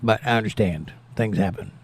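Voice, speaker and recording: A man's voice: lowish voice, moderate pace, vocal fry, slight background noise. A man hosting a casual livestream, reading viewer comments aloud and replying with a prayerful touch. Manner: prayerful, thanks God. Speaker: livestream host reading chat. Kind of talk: casual chat.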